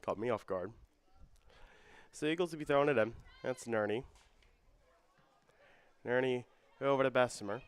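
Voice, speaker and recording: A man's voice: medium pitch, normal speed, pauses often, clean tone. Young man calling a soccer match. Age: young adult. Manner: rises and speeds up with the action. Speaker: play-by-play commentator. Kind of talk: student sports commentary.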